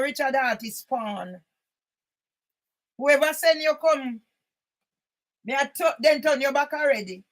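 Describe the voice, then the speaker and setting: An older woman reads documents aloud and comments on them indignantly, often breaking into shouts. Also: high voice, expressive, a little slow, long pauses, poor audio. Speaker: channel host.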